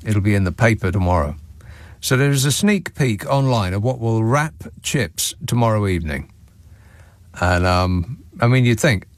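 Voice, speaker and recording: A man's voice: lowish voice, animated, a little slow, dry recording. A man hosting a late-night talk radio show from a studio, delivering a sarcastic, mocking monologue and reading out listeners' messages.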